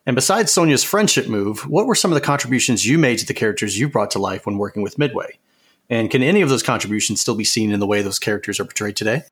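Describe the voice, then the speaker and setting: A man's voice: lowish voice, animated, fast, a bit bright, slightly rough. A man co-hosting a podcast interview, asking long questions and cracking jokes. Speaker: podcast co-host.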